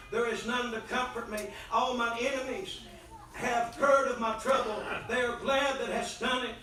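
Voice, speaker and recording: A man preaching an impassioned revival sermon in a church, swinging between soft pleading and loud shouting. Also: extremely high pitch. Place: church sanctuary. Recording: very echoey church from far off mic.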